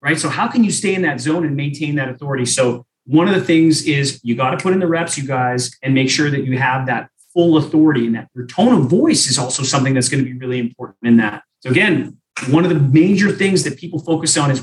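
A man's voice: medium pitch, echoey room, far from the mic, low-quality recording. A man talking about sales in a podcast conversation, emphatic and motivational, repeating his key points. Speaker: sales trainer.

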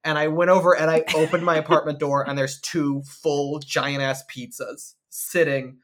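A man's voice: a little high, level tone, moderate pace, a bit bright, slight background noise. A young man co-hosting a podcast, a stand-up comic who tells self-deprecating stories in a casual, joking way. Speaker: podcast co-host, stand-up comedian. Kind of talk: casual chat.

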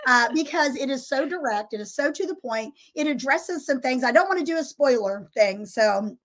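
A woman's voice: sits high, animated, normal speed, a bit bright. Chatty, upbeat woman host. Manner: enthusiastic, chatty, laughs often. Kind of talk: casual live broadcast interview.

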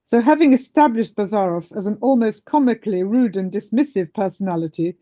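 A woman's voice: mid-range voice, expressive, a little fast, mellow. A woman giving a literature lecture in a hesitant way, with many fillers and restarts.

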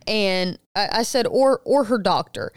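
A middle-aged woman on a podcast tells a story in a smooth, clear voice, recorded close and dry. She acts out the people she quotes with a jump up in pitch. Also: unhurried, no echo. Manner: animated retelling, quoting others with rising pitch. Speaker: podcast co-host. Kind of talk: casual storytelling chat.

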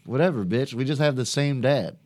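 A man's voice: mid-range voice, brisk, a little mellow, dry recording. A man co-hosting a comedy podcast, playfully bickering in casual banter.

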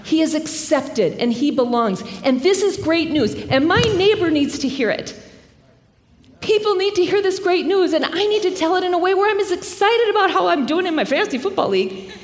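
A woman preaching a sermon, telling the story in a lively, conversational way with self-deprecating asides. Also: very high-pitched, normal speed. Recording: long hall reverb.

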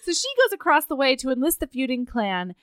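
A woman co-hosting a casual chat, sarcastically retelling a story and acting out its characters in quick asides. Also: high-pitched, big pitch swings, fairly bright tone, clean tone, dry recording, studio quality. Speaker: podcast co-host recapping a novel.

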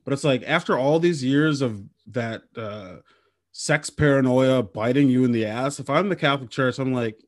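Male podcast host, casual rambling comic delivery, mid pitch, dry booth sound. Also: moderate pace, no room sound. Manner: rambling, jokey, swears casually. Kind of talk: casual comedic chat.

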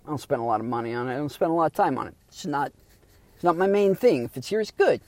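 Gravelly man ranting on a podcast. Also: a little high, expressive, fast talker, dry recording. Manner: sardonic, rambling, swears freely. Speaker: podcast host. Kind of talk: casual solo podcast rant. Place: back seat of a parked car. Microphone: phone.

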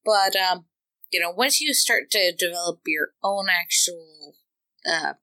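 A woman's voice: fairly low pitch, animated, unhurried, bright, forceful tone, poor audio. A woman co-hosting a podcast, chatting casually and enthusiastically about tabletop gaming. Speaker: podcast co-host.

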